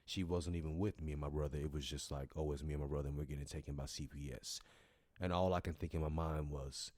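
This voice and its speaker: A young man with a strikingly deep, low voice recounts his own story as a podcast host. He speaks earnestly and conversationally, with easy fillers and emotion close to the surface. The sound is dry and close. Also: steady tone, fast, a little mellow, dry recording. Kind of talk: personal storytelling.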